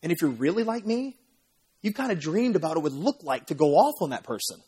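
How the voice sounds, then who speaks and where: A man preaching a sermon as pastor, telling an animated story and often checking in with "right?". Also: a little high, fast talker, slightly rough. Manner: animated storytelling, acts out crowd voices, asks "right?" often. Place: church sanctuary.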